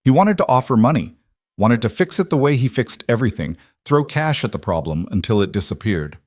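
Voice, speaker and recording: A man narrating a story in a slow, measured way. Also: medium pitch, expressive, a little mellow, no room sound, studio quality. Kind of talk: scripted narration.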